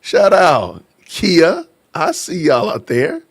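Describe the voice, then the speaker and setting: A man's voice: a little high, wildly swooping pitch, slow, husky, no room sound, studio quality. A man from Illinois hosting a casual live stream, joking, laughing often and greeting his chat. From Illinois, USA. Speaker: livestream host. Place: lives in Georgia, USA.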